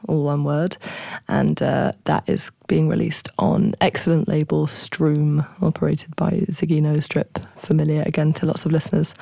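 Woman radio presenter, low and dark-toned, casual and self-deprecating, recorded close and dry. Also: gravelly, dry recording. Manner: chatty, self-correcting, amused by her own pronunciation. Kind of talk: casual radio link between songs.

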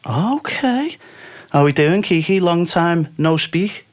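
A man's voice: on the high side, expressive, takes it slowly. Jokey man hosting a call-in show. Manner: jokey, chatty, swears lightly. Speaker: radio show host. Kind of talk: casual chat with a caller.

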